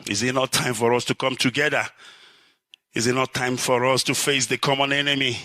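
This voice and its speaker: A middle-aged Nigerian man giving an impassioned live address, swinging from shouts to low, urgent warnings. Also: little pitch movement, fairly quick, dry recording. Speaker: activist speaker.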